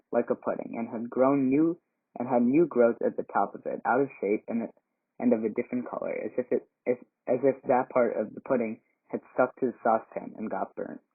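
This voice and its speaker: A man reading a classic novel aloud as a volunteer reader, measured, with small slips and restarts. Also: medium pitch. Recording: tinny phone-like sound.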